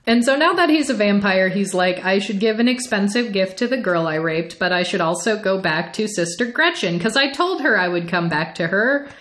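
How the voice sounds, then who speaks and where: A woman co-hosting a podcast in casual book discussion, retelling a story with quick acted-out voices and frequent laughter. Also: mid-range voice. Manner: animated retelling, acting out characters in quick voices; laughs often. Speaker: podcast co-host.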